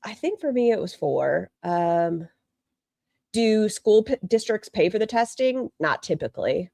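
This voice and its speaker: A woman's voice: mid-range voice, sing-song, unhurried, creaky, mellow, no room sound, studio quality. A woman hosting a casual livestream, chatting bluntly and reading viewer comments aloud. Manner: blunt and gossipy. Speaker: livestream host.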